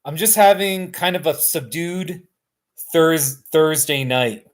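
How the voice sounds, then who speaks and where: A tired, middle-aged American man chats on a casual live stream from his couch at home, his voice a little high and slow. He rambles, mocks himself, and laughs often.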